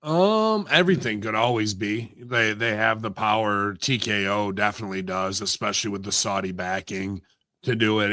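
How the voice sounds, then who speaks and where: A man's voice: fairly low pitch, pushed and bright, dry recording, clean studio sound. A man in casual chat, ranting animatedly and swearing often. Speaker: wrestling podcast guest.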